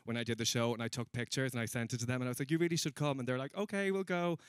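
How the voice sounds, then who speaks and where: A man doing stand-up comedy before a live audience, chatting with the crowd in a self-mocking, quick way. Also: medium pitch, steady tone, clear, resonant tone, dry recording, clean studio sound. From Ireland.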